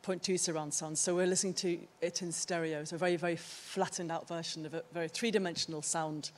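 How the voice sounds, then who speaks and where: A woman's voice: on the low side, fairly even intonation, quick pace, slight background noise. A middle-aged woman giving a conference talk about her own art, thoughtful and searching for the right words. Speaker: artist presenting her work. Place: theatre stage.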